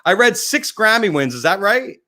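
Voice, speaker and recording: A man with a bright, sharp voice hosts a casual interview. He chats along easily, agrees often and asks quick follow-up questions. His voice sits slightly high for a man. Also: very animated. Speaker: interview host and photographer.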